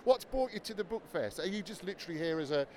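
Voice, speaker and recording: A man's voice: sits high, expressive, racing, mellow, slight background noise. A man hosting a radio show, interviewing people at a busy fair in a friendly, encouraging way. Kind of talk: roving interview at a trade fair. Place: busy trade fair hall.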